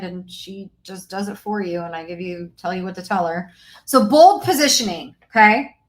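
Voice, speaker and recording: Host: high-pitched woman coach, emphatic and repetitive, live sales stream, greets her chat. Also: a bit bright. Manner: emphatic, repetitive, talks to viewers joining the chat. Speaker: business coach hosting a live masterclass.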